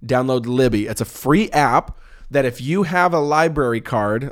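A man's voice: medium pitch, very animated, a little slow. A man co-hosting a podcast in casual chat, rambling and enthusiastic with lots of fillers and restarts. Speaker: podcast co-host.

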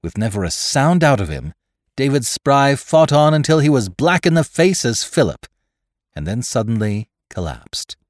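A man reading a classic adventure story aloud as scripted narration, in a measured, expressive way. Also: mid-range voice, no room sound, studio quality. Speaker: audiobook reader.

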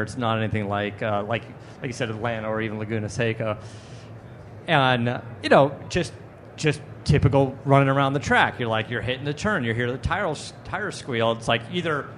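A man's voice: medium pitch, a bit bright, slight background noise. Casual male podcast host at a trade show. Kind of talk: casual chat. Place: busy trade show booth.

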